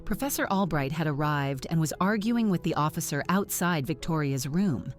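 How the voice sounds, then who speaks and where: A woman narrating a first-person drama in an even, measured storytelling voice. Her voice sits on the low side, and faint music plays underneath.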